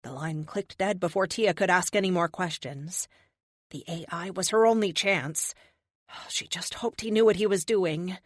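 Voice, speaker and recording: A woman narrating an audiobook with steady, expressive storytelling. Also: lowish voice, a little slow, dry recording, studio quality. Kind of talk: scripted narration.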